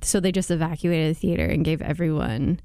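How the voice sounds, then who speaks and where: A woman chatting casually about movies and shows as a podcast co-host, animated and chatty. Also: low voice, brisk, dry recording, clean studio sound. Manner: animated, chatty, exaggerated impressions. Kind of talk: casual pop-culture chat.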